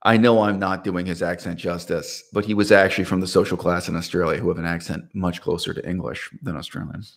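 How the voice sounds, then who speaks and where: A man's voice: sits low, steady tone, fast talker. A man talking to camera in a casual, unscripted monologue, rambling with restarts and asides. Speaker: video essayist.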